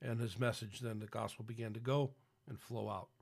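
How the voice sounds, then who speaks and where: A man's voice: lowish voice, steady tone, a little fast, gravelly, husky. A man hosting a podcast, rambling through casual Christian commentary with incredulous outbursts. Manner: frequent fillers and restarts. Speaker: podcast host.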